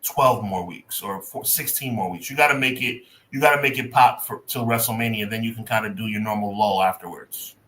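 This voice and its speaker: A man's voice: lowish voice, brisk, hardly any pauses, a bit bright, roomy sound. A man co-hosting a wrestling podcast, chatting casually and hedging his opinions. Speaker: podcast co-host.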